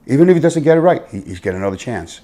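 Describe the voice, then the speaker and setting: A man from Miami with a husky voice and a Miami accent, telling stories bluntly in a casual interview, swinging between loud and hushed. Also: medium pitch, big pitch swings, rapid-fire. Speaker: interview guest, youth football coach. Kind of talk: casual storytelling conversation.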